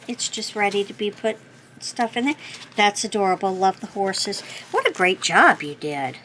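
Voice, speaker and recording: Slow-talking, gushing woman crafter. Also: medium pitch, lively intonation, noisy background. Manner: chatty, gushing, thinks aloud and corrects herself. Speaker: craft channel host. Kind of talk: casual chat opening happy mail.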